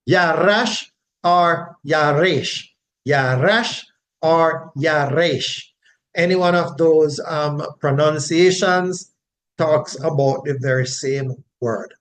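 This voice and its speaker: A man's voice: a little high, slight background noise. A man teaching the Bible verse by verse in an explanatory way, often checking in with his listeners. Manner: unhurried, explanatory, frequent tag questions.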